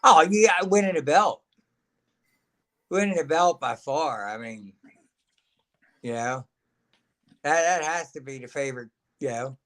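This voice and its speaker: A man's voice: a little high, a little slow, pauses often, fairly bright tone. A man, a guest telling stories in a folksy, laughing way. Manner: folksy, laughs often, acts out quotes. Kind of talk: casual storytelling chat.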